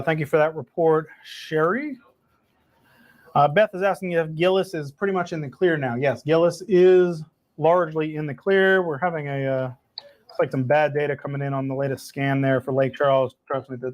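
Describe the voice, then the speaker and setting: A slightly hoarse man, a meteorologist, giving a relaxed, conversational live weather briefing and answering viewer reports. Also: mid-range voice. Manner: relaxed, conversational, plenty of filler words. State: hoarse, losing his voice.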